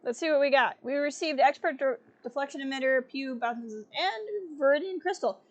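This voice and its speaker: A woman's voice: high-pitched, normal speed, no echo, highs cut off. A young woman streamer, chatty and playful, commenting on a video game live.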